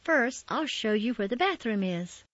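A woman voicing a kind older schoolgirl who speaks in a soft, comforting way. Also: on the high side, animated, unhurried, dry recording. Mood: soothing. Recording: slightly dull, dry recording.

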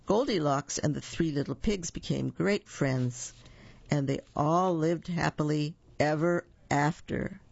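A man's voice: on the high side, a little slow, gravelly, no room sound, highs cut off. A man reading a picture book aloud, adding playful asides as he tells the story.

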